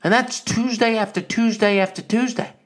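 A brassy retired mother scolds her son in a high, pushy voice, put on by a man retelling the call. She nags with heavy emphasis, punching each complaint. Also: steady tone, normal speed, lightly acted. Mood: scolding. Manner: nagging, emphatic.

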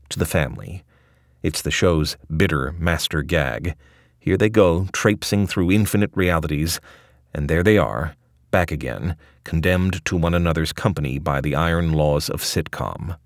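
A man's voice: low-pitched, dry recording, studio quality. A man narrating a scripted audio essay with a wry, ornate delivery.

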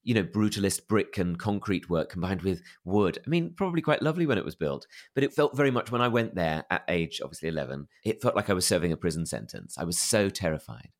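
A man's voice: low-pitched, animated, fast talker, few pauses. A man with a plummy, posh English accent, candidly telling personal stories as an interview guest, self-deprecating, with lots of fillers and restarts. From England.

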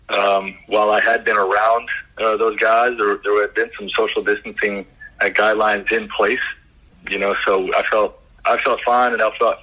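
A man answering press questions as a basketball coach, halting and measured, with lots of fillers. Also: on the low side, pushed and bright, slightly rough, poor audio. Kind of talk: press conference call answers.

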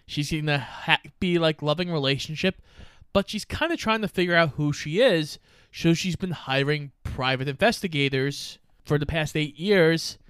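A man's voice: fairly high pitch, moderate pace, a bit bright, smooth, dry recording, studio quality. A young man co-hosting a podcast, casually summarizing a movie plot in an easygoing way. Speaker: podcast co-host. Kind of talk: casual movie recap chat.

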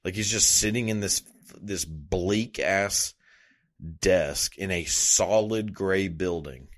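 Young dude with a real low voice, rambly, swears every other word, chuckles at his own stuff. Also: slow pace. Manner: rambling, swears a lot, laughs at himself. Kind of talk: casual profane monologue.

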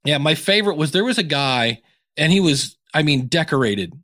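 A man's voice: normal speed, no room sound, studio quality. A man from Ohio, chatting as a guest in a casual interview and acting out quoted voices as he talks. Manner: animated, acts out quoted voices with big pitch jumps. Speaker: podcast consultant guest.

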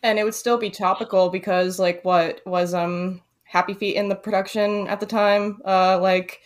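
A woman co-hosting a podcast, chatting in a laid-back, flat way. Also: mid-range voice, normal speed, few pauses. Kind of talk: casual podcast chat.

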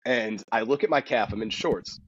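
Male guest and golf instructor, low-pitched, husky, quick animated storyteller, dull recording. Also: no echo. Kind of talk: casual storytelling.

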